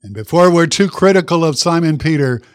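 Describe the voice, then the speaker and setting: A pastor preaching a sermon, telling a Bible story dramatically and putting questions to the congregation. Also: male voice, on the high side, expressive, measured pace, no echo, studio quality.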